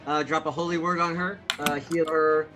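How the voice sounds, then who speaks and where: A man's voice: on the high side, flat delivery, moderate pace, music in the background. A man playing a tabletop game, laid-back and wry, hesitating with fillers as he describes his turn. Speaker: player. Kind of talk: tabletop role-play.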